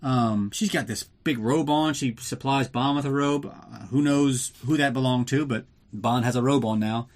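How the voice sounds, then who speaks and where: A man's voice: mid-range voice, normal speed, hardly any pauses. A man hosting a casual movie recap podcast, ranting and sarcastic with plenty of swearing, drinking while he talks. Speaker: podcast host.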